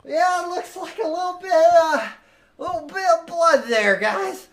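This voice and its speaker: A woman narrating a how-to video in a rambling, folksy way with drawn-out asides. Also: very high-pitched. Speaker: presenter of a watched how-to video. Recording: noisy video playback.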